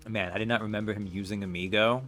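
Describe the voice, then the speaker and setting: A man's voice: on the low side, fairly even intonation, fast talker, a bit bright, faint music behind. A man commenting on a video game with wry, self-mocking asides. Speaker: let's play streamer.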